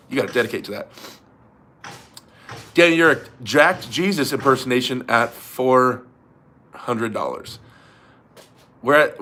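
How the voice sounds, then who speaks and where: Reading viewer comments on his casual livestream, this young host stays laid-back, laughs often, and swears casually. His mid-range voice is a bit bright, and there's a little hiss or hum in the recording.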